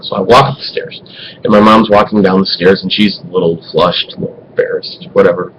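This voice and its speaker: A man telling an embarrassing personal story to camera in an animated, profane way, swinging between loud and hushed. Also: deep voice, fairly quick, a little hiss or hum, rough recording. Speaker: vlogger.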